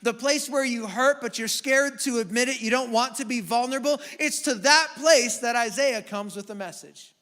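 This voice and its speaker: A man preaching a conversational sermon as a pastor, animated and joking at his own expense. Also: very high voice, normal speed, few pauses. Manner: animated storytelling with self-deprecating humor. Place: church sanctuary. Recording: long hall reverb.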